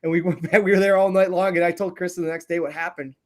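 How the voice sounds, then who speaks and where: A man's voice: high voice, fairly even intonation, quick pace, a little mellow. A man, co-hosting a podcast with crude, jokey storytelling. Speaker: podcast co-host. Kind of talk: casual banter.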